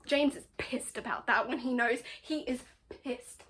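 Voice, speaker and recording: Young woman book vlogger, high voice, animated and exasperated, swears freely. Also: a little hiss or hum. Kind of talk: casual book recap.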